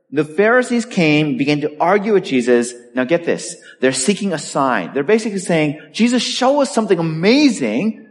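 A man preaching a sermon in an emphatic, animated way, leaning hard on key words. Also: on the high side. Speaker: pastor. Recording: long hall reverb.

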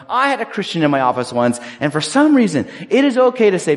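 A male pastor preaching a sermon with a lively, swinging delivery, slipping easily into personal anecdotes. His voice sits a little high and moves over a wide range. The sound carries the long reverb of a large hall. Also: fast talker, few pauses. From Southern California. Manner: animated, conversational preaching with personal stories.

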